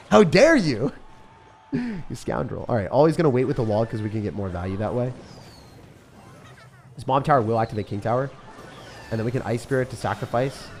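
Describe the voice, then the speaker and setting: A man's voice: mid-range voice, quick pace, long pauses, a little mellow, slight background noise. A young man chatting casually on a livestream, commenting on his game and answering questions from chat in a self-deprecating way. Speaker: streamer.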